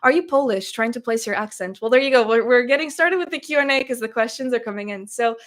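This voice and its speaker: A woman from Russia hosts a casual livestream Q&A, a bit nervous as she reads viewer comments aloud and responds. She talks fast in a slightly high voice.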